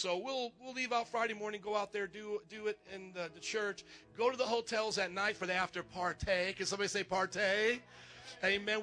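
A man making lively, joking announcements from the pulpit of a church, calling out to the congregation. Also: high voice. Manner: animated, joking, calls out to the congregation. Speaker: pastor. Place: church sanctuary.

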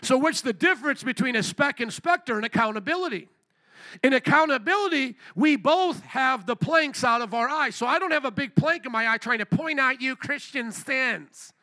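A man's voice: very high-pitched, expressive, moderate pace, pushed and bright. A male pastor preaching a sermon emphatically and punchily, repeating phrases and calling for amens. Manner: emphatic and punchy, with many repetitions and calls for amen.

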